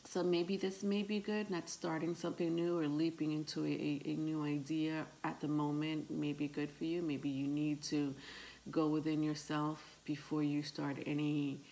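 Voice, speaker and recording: Low-voiced, slow-talking woman tarot reader. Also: vocal fry, a little mellow, a little hiss or hum, rough recording. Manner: unhurried, hesitant, frequent ums, calls listeners "my love". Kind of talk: tarot reading to viewers.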